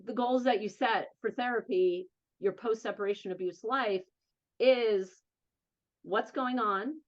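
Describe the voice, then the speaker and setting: A woman of medium pitch, her New Jersey accent clear despite a muffled recording, speaks as an interview guest and advocate. Earnest and emphatic, she candidly recounts her own story in fast bursts of speech.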